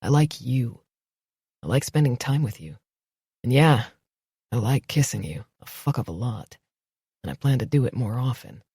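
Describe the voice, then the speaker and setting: A woman narrator voicing a grounded, gruff blue-collar man in an audiobook, with a low-key, steady, reassuring manner. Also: moderate pace, long pauses, dry recording, clean studio sound, full character voice. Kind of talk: audiobook dialogue.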